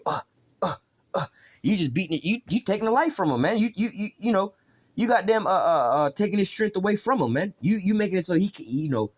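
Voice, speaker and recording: Male street preacher, informal bible lesson, rambling and profane, heavy on fillers, voice a bit high. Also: darkish tone.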